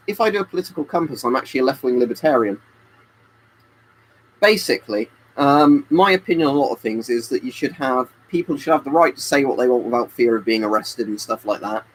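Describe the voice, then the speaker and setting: A man's voice: medium pitch, slight background noise, rough recording. A man chatting casually on a webcam live stream, rambling and answering viewers by name. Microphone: webcam stream mic.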